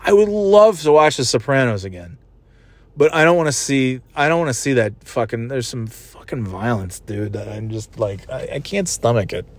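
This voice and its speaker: Expressive and mid-range at a moderate pace, this man's voice belongs to a vlogger who just left a wrestling event in a city. He rambles casually with plenty of swearing, frequent laughs, and goofy sound effects.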